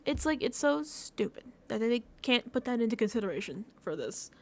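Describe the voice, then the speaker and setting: A woman vlogger talks through a reality show recap in a casual, emotional way, with lots of "like" and laughter between phrases. Her voice sits a little high and swings widely in pitch. She sounds gushing and heartfelt throughout. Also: very animated, moderate pace, darkish tone. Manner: effusive, emotional, filler-heavy with frequent "like".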